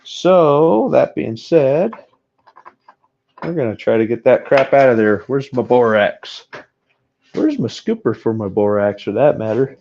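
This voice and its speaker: A man's voice: medium pitch, very animated, unhurried, vocal fry, a little mellow. Frustrated man streaming a metal pour. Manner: frustrated, self-deprecating, talks to chat. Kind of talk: live-stream chat while casting metal. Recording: dull lo-fi sound.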